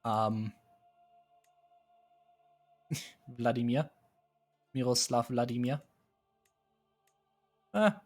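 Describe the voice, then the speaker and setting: A man streaming live, casually musing and hesitating as he sets up a strategy game, chuckling often. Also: medium pitch. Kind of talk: casual live gameplay commentary.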